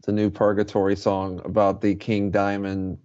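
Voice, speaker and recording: A man's voice: on the low side, completely flat delivery, normal speed, a little mellow. A man co-hosting a podcast, chatting casually and asking his partner questions. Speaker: podcast co-host. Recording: dull lo-fi podcast audio.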